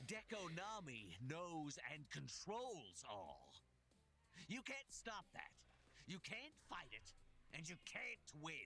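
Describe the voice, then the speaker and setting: A man voicing a smug, scheming villainous father who runs an arcade empire, speaking with slow, theatrical menace in a video game. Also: a little high, huge pitch swings, creaky, sharp tone, exaggerated voice. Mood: triumphant.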